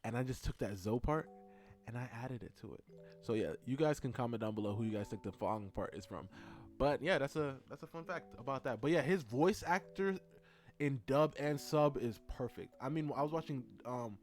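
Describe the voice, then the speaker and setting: A man chatting casually in a rambling, excitable way while narrating his drawing video. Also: medium pitch, moderate pace, faint music behind. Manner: rambling, excitable, with many fillers. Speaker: art content creator.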